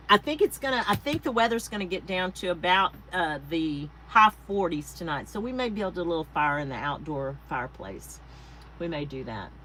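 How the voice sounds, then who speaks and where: On a low-quality recording with a little hiss or hum, a woman hosts a relaxed craft livestream at home. Her fairly low, fairly bright voice chats on, thanking viewers by name amid rambling asides.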